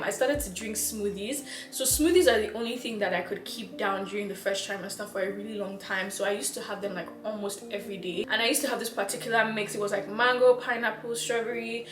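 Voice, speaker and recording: A woman's voice: mid-range voice, fairly even intonation, brisk, few pauses, music in the background. A young woman from Nigeria, out of breath, chatting casually to her viewers as a vlogger, laughing and repeating herself. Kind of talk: casual chat to camera. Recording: echoey room.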